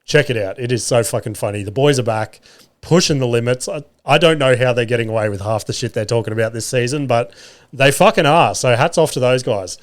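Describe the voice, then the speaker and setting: Profane Australian dad telling stories. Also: male voice, mid-range voice, brisk. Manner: profane, wry, lots of filler and acted-out quotes. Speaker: podcast host. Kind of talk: casual comedic storytelling. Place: home room.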